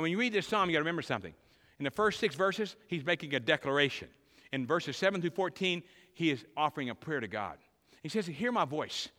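A man pastor delivering a sermon to his congregation, swinging from loud emphatic points to hushed, tender lines. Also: medium pitch, long reverb tail. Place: church sanctuary.

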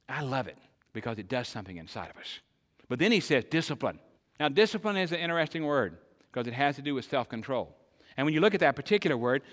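An older male pastor delivers a sermon with a bright, forceful voice. He asks the congregation questions and swings between loud emphasis and quiet, hushed lines. The sound rings with a long reverb, like a large sanctuary. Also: mid-range voice.

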